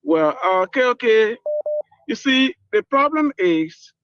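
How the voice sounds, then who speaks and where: Male caller, high-pitched and indignant, on a dry phone line. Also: expressive, a little slow, fairly bright tone, dry recording.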